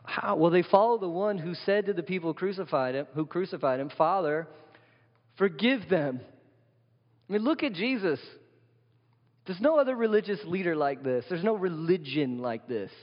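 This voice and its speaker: A man with a slightly high voice preaches a sermon, talking with his congregation and asking them questions. His voice carries a long reverb from the church hall. The recording sounds somewhat dull and lo-fi. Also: expressive, a little fast. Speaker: pastor. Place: church sanctuary.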